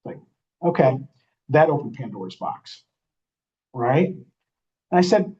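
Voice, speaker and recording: A man's voice: mid-range voice, sing-song, slow, darkish tone. A man, a real estate trainer, teaching a live class in a training room and often checking in with the audience as he talks. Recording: dull, muffled recording.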